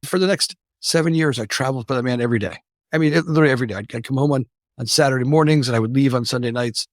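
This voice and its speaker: A man in his fifties from the United States, a company founder telling stories as an interview guest. He talks rapidly, tags his lines with "right?" and often restarts his sentences. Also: mid-range voice, dry recording, clean studio sound. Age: 50s. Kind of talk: casual storytelling interview.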